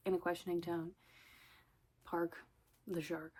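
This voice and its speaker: Rambling woman vlogger, slightly low voice. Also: level tone, normal speed, long pauses, darkish tone, husky. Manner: chatty, rambling, laughs often, swears. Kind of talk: casual rambling vlog.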